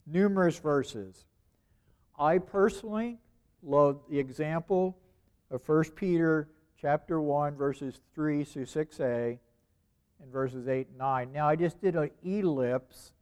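A man's voice: a little high, slow, a little mellow, clear, resonant tone. A man preaching a sermon in a conversational way, repeating phrases and asking rhetorical questions.

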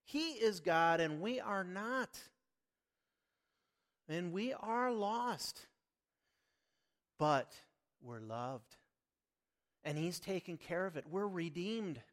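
A man's voice: high-pitched, expressive, extremely slow, long pauses, fairly bright tone. A middle-aged man preaching a sermon, earnest and emphatic, with sudden swells and drops in volume. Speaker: lay preacher.

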